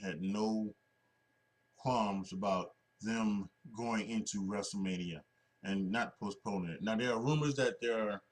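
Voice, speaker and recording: A man's voice: lowish voice, a little slow. Rambling man hosting a wrestling podcast. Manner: rambling, many restarts and fillers. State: sleepy, yawning. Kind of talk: casual solo podcast talk.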